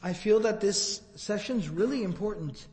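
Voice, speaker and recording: A man's voice: high-pitched, lively intonation, normal speed, a little mellow. A man giving a religious lecture, telling a story and quoting Arabic texts before translating them. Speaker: Islamic lecturer. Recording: long hall reverb.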